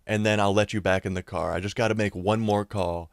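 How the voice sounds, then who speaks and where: A man's voice: fairly low pitch, fairly even intonation, brisk, gravelly, dry recording, clean studio sound. A young man voicing a smug, offhand male prankster driver while retelling a story. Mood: scheming.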